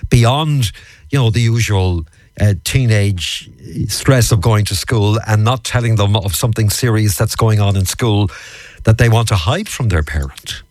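A man with a somewhat low voice hosts a podcast, his question winding on with restarts. The sound is dry and close, with no room. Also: no room sound. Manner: halting, with fillers and restarts. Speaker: podcast host. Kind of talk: interview questions.

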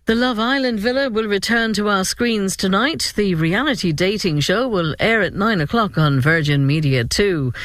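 A man's voice: sits high, no room sound. Male newsreader, dry studio sound. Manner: even, measured reading. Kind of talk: radio news bulletin. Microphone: studio mic.

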